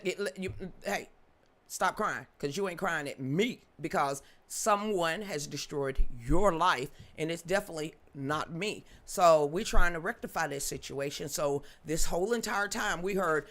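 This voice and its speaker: Animated, gloating middle-aged woman host. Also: fairly low pitch, a little slow. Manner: gloating, mocking and animated, breaking into sing-song chants. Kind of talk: live-stream political commentary.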